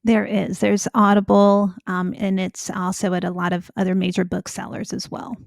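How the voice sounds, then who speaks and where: A woman's voice: medium pitch, level tone, moderate pace, vocal fry, no echo, clean studio sound. A woman physician with a soothing voice, speaking reflectively as an interview guest. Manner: reflective, hedging with fillers. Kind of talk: conversational interview.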